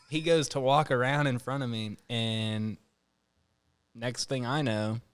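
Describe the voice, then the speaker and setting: A man's voice: mid-range voice, fairly even intonation, measured pace, smooth. A man hosting a podcast, telling a story in casual chat and acting out the voices of the people in it. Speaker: podcast host.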